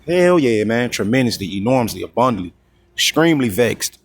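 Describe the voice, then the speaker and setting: A man preaching on scripture in a coarse, heated way, reading verses slowly and drawn out and checking in with the listener again and again. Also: mid-range voice, animated. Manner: constantly repeats "you see?" and "you know what I mean?". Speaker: street-style preacher.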